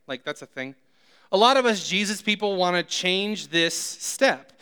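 A man's voice: high voice, expressive, a little slow, pushed and bright, clear, resonant tone. A man preaching a sermon who tells humorous, self-deprecating stories. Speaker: pastor.

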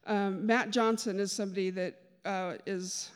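Woman at the pulpit, casual sermon voice with joking asides, mid-pitched, long hall reverb. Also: steady tone, unhurried. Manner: chatty, joking asides, self-deprecating. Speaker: speaker giving a church talk. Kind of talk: conversational sermon with personal testimony.

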